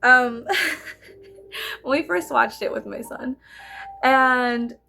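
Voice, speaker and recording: A woman in her thirties chatting casually while doing her makeup, animated and laughing, swearing freely as she tells stories. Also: fairly high pitch, extremely slow, vocal fry. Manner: animated, swearing, giggly storyteller. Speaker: vlogger. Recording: music playing behind.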